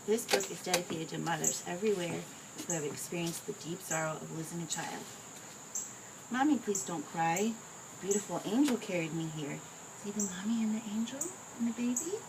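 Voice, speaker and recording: A woman reading a picture book aloud to her child in a gentle, expressive way. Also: on the low side, moderate pace. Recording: home recording with clear background noise.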